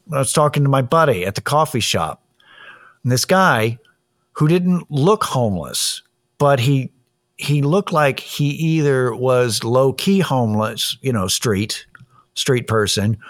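A man talking in a casual monologue, blunt, opinionated and profane as he tells a story and gives his views. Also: medium pitch.

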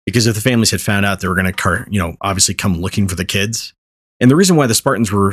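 A man with a low-pitched voice hosts a casual podcast, explaining things at length and circling back with fillers. The sound is dry and close, with no room around it. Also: no room sound. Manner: rambling, animated explainer with many fillers. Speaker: podcast host. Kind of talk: casual chat.

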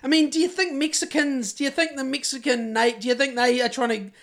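A man's voice: extremely high pitch, steady tone, a little fast, a bit bright. A man with a New Zealand accent co-hosting a podcast in casual chat, rambling, crude and sardonic, often trailing off and restarting his sentences. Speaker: podcast co-host.

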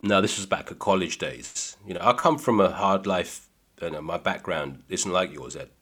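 A man with an extremely deep, husky voice trades stories on a podcast. His delivery is dry and deadpan, and his jokes are played straight. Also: normal speed. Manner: deadpan, dry comic storytelling. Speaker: comedian guest. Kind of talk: casual podcast chat.

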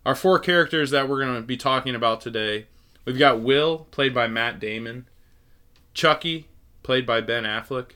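A young man co-hosting a casual faith-based movie podcast, chatty and quick to laugh. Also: medium pitch, bright, forceful tone, smooth. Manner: chatty, laughs often, restarts phrases. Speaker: podcast co-host.

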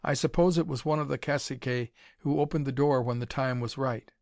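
A man's voice: mid-range voice, steady tone, a little fast, gravelly, a little mellow, dry recording, studio quality, lightly acted. A man reading an audiobook, voicing a brave young woman of a lost tribe in a slightly raised, earnest voice.

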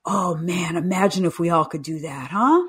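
Fairly low and husky, this woman's voice moves at a moderate pace. She's in her fifties, an author and coach being interviewed on a podcast, spinning lively anecdotes and voicing the people in them.

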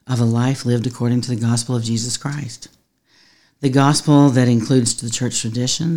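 A woman's voice: a bass voice, warm tone. A woman pastor talks through her podcast in an earnest, conversational way. She laughs easily and sounds like she is chatting, not preaching from a pulpit. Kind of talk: teaching podcast monologue.

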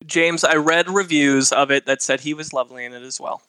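A man's voice: fairly high pitch, brisk, crowd noise, low-quality recording. A man co-hosting a movie podcast, going through an actor's career in a matter-of-fact way. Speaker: podcast co-host. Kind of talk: casual chat, reading career notes.

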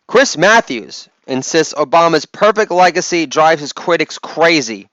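A man's voice: a little high, moderate pace, fairly bright tone, smooth, dry recording, lo-fi sound. A man hosting a comedy podcast, delivering mocking, sarcastic jokes and laughing at his own lines. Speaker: podcast host.

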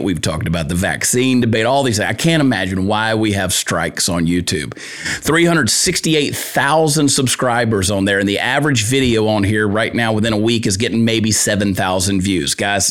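A man's voice: mid-range voice, a bit bright. Riled-up joking male talk host. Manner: riled-up, crude, joking rant. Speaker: podcast host and comedian. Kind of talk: casual opinion talk show.

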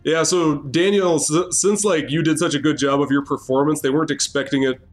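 A man's voice: fairly high pitch, steady tone, a little fast. A man running a tabletop game as game master, narrating casually with many fillers.

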